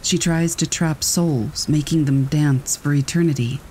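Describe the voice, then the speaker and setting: Storybook role: a man reading as an elderly forest guardian woman, gentle and measured, mellow tone, soft rain behind. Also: a little high, steady tone, slight background noise, close to an everyday voice, poor audio. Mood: gentle warning. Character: wise old female forest guardian.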